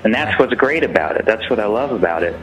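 A man with a somewhat low voice hosts a podcast, talking in an easygoing and thoughtful way. He hesitates and restarts, padding his thoughts with fillers. Soft music plays faintly behind him. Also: animated, low-quality recording. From San Francisco. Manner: halting, reflective, many fillers. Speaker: podcast host. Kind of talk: casual chat.

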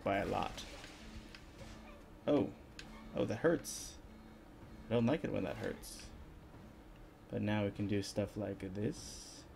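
A man narrating his own gameplay in a slow, laid-back, half-mumbled way. His pitch jumps around a lot, with a gravelly texture. Faint game music plays behind him. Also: a little mellow. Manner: casual, half-mumbled, self-talking. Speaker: gaming video host. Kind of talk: let's-play commentary.

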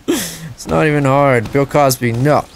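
A man giving live gameplay commentary as a channel host, excitable and prone to loud frustrated outbursts and swearing. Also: mid-range voice, a little slow, slight background noise.

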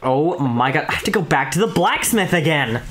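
A woman's voice: sits low, lively intonation, normal speed, crowd noise. A young woman playing a co-op game with a friend, talking casually and exclaiming at what happens on screen. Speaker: gaming YouTuber. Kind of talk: casual gameplay chat.

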